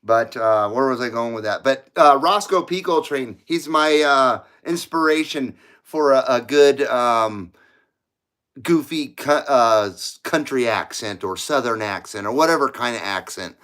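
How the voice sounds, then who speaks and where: A man's voice: mid-range voice, a little slow, fairly bright tone. A middle-aged man from the United States hosting a CB radio livestream, chatting casually and rambling, often laughing at his own jokes.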